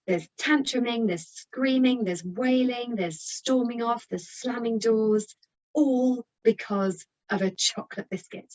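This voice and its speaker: A British parenting coach speaks straight to camera, walking parents through her advice in a chatty, encouraging way. Her voice sits at an everyday middle pitch, and the recording sounds slightly dull and lo-fi.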